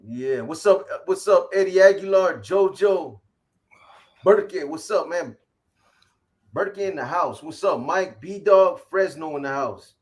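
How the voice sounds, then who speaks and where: A man with a somewhat high speaking voice hosts a casual livestream. He rattles off viewer names one after another and drops easy slang greetings between them. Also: expressive, takes it slowly. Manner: rattles off viewer shout-outs, slangy, calls people boy. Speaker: livestream host.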